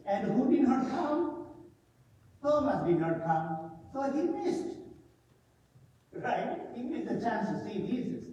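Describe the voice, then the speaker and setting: A man's voice: extremely high pitch, warm tone. A male priest preaching a sermon, questioning the congregation and checking their agreement with "right?". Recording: echoey hall from far off, faint noise.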